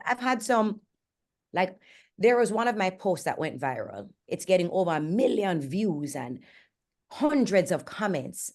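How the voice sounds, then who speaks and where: A woman's voice: lowish voice, a little mellow. A Jamaican woman in her forties hosting a candid motivational talk, frank and earnest and speaking bluntly. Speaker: host and fitness coach.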